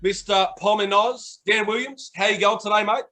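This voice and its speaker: High-voiced man teasing a mate. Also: steady tone, moderate pace, pushed and bright, faint music behind. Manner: teasing, chatty, many fillers. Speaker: host. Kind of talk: casual banter. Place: abroad, remote.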